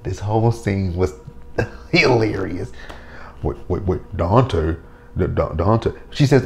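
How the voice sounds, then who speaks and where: Male reviewer with a low voice; lively, foul-mouthed casual recap. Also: slow pace, gravelly. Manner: animated, profane, acts out the scenes with quotes. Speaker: TV episode reviewer.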